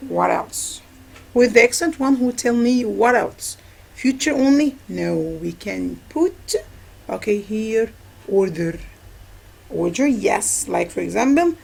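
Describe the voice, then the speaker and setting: A woman's voice: medium pitch, lively intonation, takes it slowly, vocal fry, darkish tone, breathy edge, poor audio. A woman whose first language is Arabic, teaching an English grammar review lesson and answering her own questions. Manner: asks questions and answers them herself, repeats key words.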